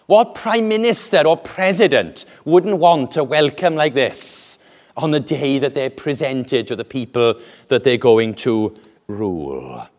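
A man preaching a sermon with an animated, deliberate delivery and dramatic pauses. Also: medium pitch.

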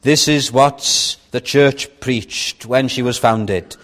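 A man preaching a sermon, earnest and rising to urgent pleading, reading scripture aloud with slow emphasis. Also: medium pitch, fairly bright tone.

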